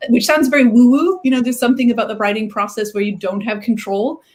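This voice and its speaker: A woman's voice: fairly high pitch, steady tone, quick pace, darkish tone. A woman author chatting casually in an interview, hesitant, with many fillers and restarts.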